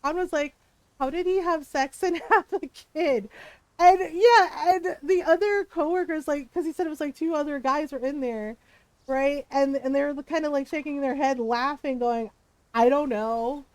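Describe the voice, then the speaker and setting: High-voiced chatty woman streamer. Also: normal speed, darkish tone, dry recording. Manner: chatty storyteller, laughs often, acts out quotes. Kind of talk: casual chat while gaming.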